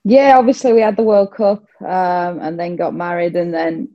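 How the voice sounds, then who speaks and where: A woman's voice: lowish voice, fairly even intonation, normal speed, no echo, muffled recording. A young woman from Yorkshire with a Yorkshire accent and a slight Australian twang, chatting upbeat as a podcast guest. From Yorkshire, England. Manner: chatty, upbeat, laughs easily. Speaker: guest cricketer. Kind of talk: casual interview chat.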